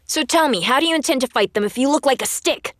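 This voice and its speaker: A woman voicing a stern, blunt, protective elder sister in a dubbed drama, curt and sharp-tongued. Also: sits high, animated, fast talker, no room sound, studio quality. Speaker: dub actor.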